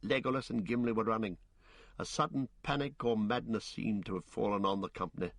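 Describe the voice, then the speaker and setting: A man narrating an audiobook in a measured, deliberate way. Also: lowish voice, dry recording. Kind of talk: audiobook reading.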